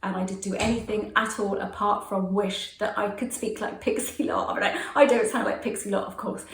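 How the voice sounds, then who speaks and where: A fast-talking English woman chats to the camera as a manifestation coach, her mid-pitched voice tumbling out quickly and breaking into laughs between phrases. The room around her sounds echoey. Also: steady tone, slight background noise. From West Country, England. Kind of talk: casual monologue to camera. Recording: roomy echo.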